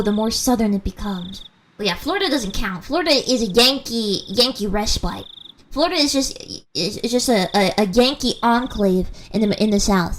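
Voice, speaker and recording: A woman's voice: on the high side, slight background noise. Rambling giggly young woman streamer. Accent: slight American mountain. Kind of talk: casual chat with viewers during a game stream.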